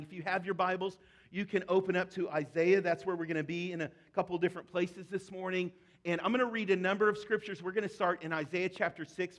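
High-voiced man preaching a sermon. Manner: earnest, conversational preaching that rises to loud emphatic repetition. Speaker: pastor.

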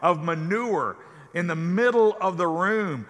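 Male pastor, sermon, bright and slightly high, measured cadence, long church reverb. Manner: measured preaching cadence, drops soft at phrase ends.

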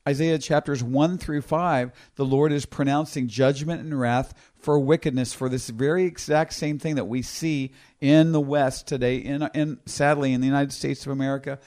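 A middle-aged male preacher delivering a sermon in an ordinary mid-pitched voice. He drives his points with emphasis and repeats himself in restarts. He slows down and leans on each word when reading scripture. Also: steady tone, a little mellow.

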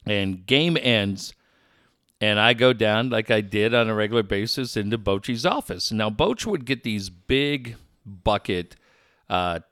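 A man's voice: fairly low pitch, unhurried, a bit bright, no echo, studio quality. A middle-aged man hosting a sports talk show, telling a profane story with lots of laughter. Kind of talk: casual storytelling chat.

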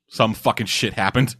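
A man's voice: lowish voice, fairly bright tone, dry recording, studio quality. A man casually riffing along to a film with friends, sarcastic and profane.

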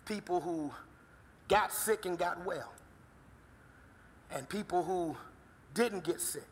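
A middle-aged man preaching a sermon in a church, calling out to the congregation and building to fervent shouts. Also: high voice, slow pace, slight background noise. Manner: call-and-response preaching, rising to fervent shouts. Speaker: pastor. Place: church sanctuary. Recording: long reverb of a large hall.

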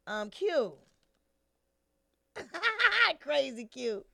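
A woman's voice: high voice, big pitch swings, drawn-out words, vocal fry, sharp tone, dry recording. A woman co-hosting a casual chat, teasing her friends and laughing often. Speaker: podcast co-host. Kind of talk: casual banter.

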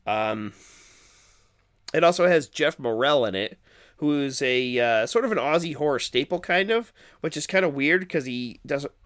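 A man's voice: medium pitch, fairly bright tone. A man co-hosting a podcast, reviewing horror films in a casual, rambling and profane way. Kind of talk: casual chat.

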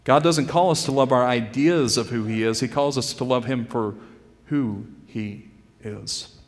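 A male pastor preaching a sermon earnestly, calling his listeners "folks" and swinging between loud emphasis and quiet drops. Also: mid-range voice, unhurried, long reverb tail. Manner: addresses the congregation directly as "friends" and "folks". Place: church sanctuary.

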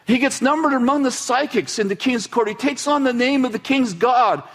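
A man's voice: very high voice, normal speed. A man preaching a sermon in a loose, conversational way, acting out quoted voices as he goes. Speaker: pastor.

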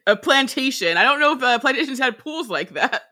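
A woman's voice: high-pitched, expressive, fairly quick, bright, forceful tone. A woman co-hosting a podcast, tossing in wry quips during casual recap chat, laughing often. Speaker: podcast co-host.

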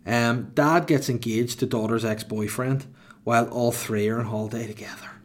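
A man in his thirties hosts a solo comedy podcast. He rambles and throws in irreverent, sweary asides at a middle pitch. His delivery is loose and unscripted. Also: steady tone, moderate pace.

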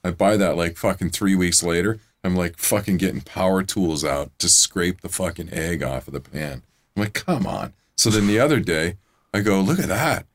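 Low-voiced man in a joking rant. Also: moderate pace. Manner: profane, joking rant with laughs. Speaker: podcast co-host. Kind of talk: casual comedic chat.

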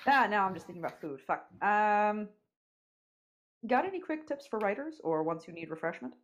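A woman's voice: medium pitch, moderate pace, highs cut off, slight background noise. A woman hosting a podcast interview, chatting casually, teasing and swearing. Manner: animated, profane, teasing. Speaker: podcast host.

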